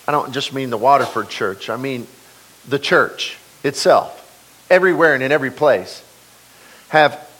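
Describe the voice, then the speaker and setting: A man's voice: mid-range voice, fairly bright tone, poor audio. A man in his forties preaching a sermon, stressing key words and repeating them for emphasis. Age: 40s.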